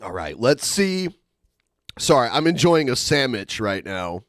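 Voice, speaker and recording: A man's voice: medium pitch, big pitch swings, a little slow, a bit bright, no echo. A man hosting a podcast, reacting to clips with dry, sarcastic retorts. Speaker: podcast host.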